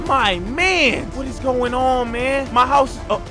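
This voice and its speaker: A man acting out a game role-play as a gaming YouTuber, slangy and excitable, often shouting in alarm and talking to his viewers. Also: extremely high pitch, unhurried, music in the background.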